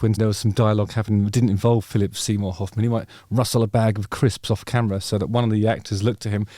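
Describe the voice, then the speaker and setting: A man's voice: mid-range voice, a little mellow, dry recording, studio quality. Wry rambling man. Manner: rambling and wry, lots of ums, swears casually. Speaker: channel host. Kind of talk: casual reaction commentary.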